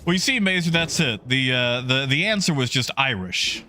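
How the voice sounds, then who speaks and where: A man's voice: mid-range voice, animated, normal speed, pushed and bright, slight background noise. A man streaming a game, chatting casually and greeting viewers in the chat by name.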